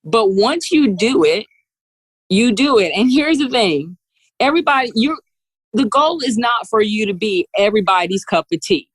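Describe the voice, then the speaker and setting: A woman, a business CEO, telling animated stories as a podcast guest, laughing often and acting out what others said. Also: a little high, no echo, poor audio. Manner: lively, laughs often, acts out quotes. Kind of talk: animated storytelling interview.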